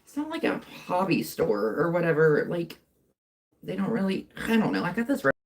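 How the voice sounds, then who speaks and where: A young woman talks through a casual livestream from home on her phone. Her voice sits fairly low, and her chatter rambles and keeps doubling back as she works on a craft. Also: big pitch swings, moderate pace. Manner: rambling, chatty, self-interrupting. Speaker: livestream host. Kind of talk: casual live chat while crafting. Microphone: phone mic.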